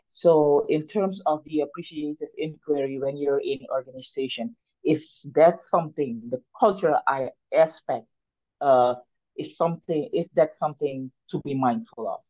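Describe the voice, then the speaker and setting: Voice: mid-range voice, moderate pace, dark tone, no room sound, highs cut off. A webinar attendee asking a question, hesitating and restarting as they search for words. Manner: hesitant, stumbling over words.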